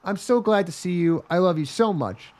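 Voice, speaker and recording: A man's voice: high voice, lively intonation, moderate pace, darkish tone. A man voicing an anxious teenage girl who speaks in breathless, earnest exclamations while recapping a cartoon.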